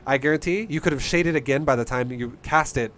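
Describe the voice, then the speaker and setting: A man's voice: medium pitch, fairly quick, a bit bright, slight background noise. A man coaching a player through a game replay in a casual, blunt, profane and passionate way. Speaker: StarCraft coach.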